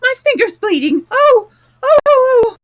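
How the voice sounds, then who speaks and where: A woman's voice: a little high, animated, normal speed. A woman voicing a fussy, flustered older queen from a storybook who shrieks in pain. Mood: shrieking.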